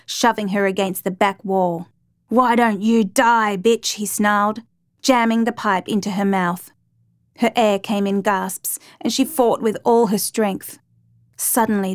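A woman narrating a true crime story in a steady, measured reading voice. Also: mid-range voice, no echo, studio quality.

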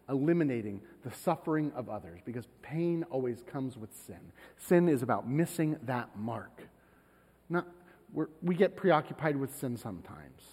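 A man preaching a sermon as pastor, telling a family story in a conversational, animated way. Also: mid-range voice, husky. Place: church sanctuary. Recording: long church hall reverb.

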